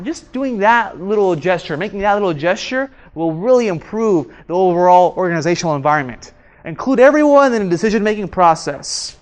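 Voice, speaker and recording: A man teaching a workshop to a live audience, quizzing the room and acting out his examples in an animated way. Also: sits high. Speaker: workshop instructor. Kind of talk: interactive seminar lecture.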